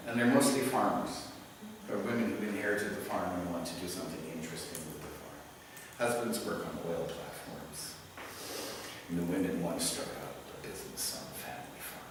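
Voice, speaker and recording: A man's voice: fairly low pitch, a little hiss or hum. A man giving a live lecture, telling stories in a loose, digressive way with many fillers. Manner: animated, digressive storytelling with many "you know" fillers. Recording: echoey hall, speaker far from mic.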